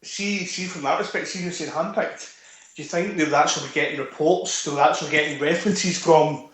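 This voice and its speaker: A man calling in to a casual football chat, wry and hesitant, often pausing with fillers. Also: a little high, fairly bright tone, reverberant, low-quality recording. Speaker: caller guest.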